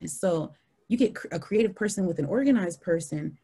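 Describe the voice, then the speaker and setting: A woman in her thirties, a podcast guest telling a story in an animated way, acting out the people she quotes. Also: a little fast, breathy edge. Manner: animated, acts out quoted people in high voices.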